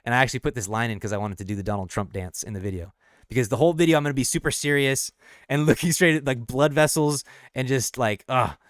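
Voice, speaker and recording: A man's voice: medium pitch, quick pace, no room sound, clean studio sound. A man on a casual late-night livestream, thinking aloud as he explains the lyrics of his own song. He restarts and corrects himself often and laughs easily between thoughts.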